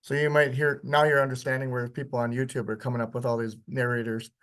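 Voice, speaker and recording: A man's voice: mid-range voice, flat delivery, fast talker, fairly bright tone. Chatty male workshop instructor. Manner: casual, chatty, with short chuckles and frequent ums. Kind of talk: live software demonstration lecture.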